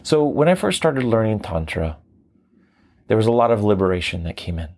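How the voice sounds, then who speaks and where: A man who teaches tantra, telling his story in a reflective, animated interview. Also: on the low side, a little fast. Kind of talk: conversational interview.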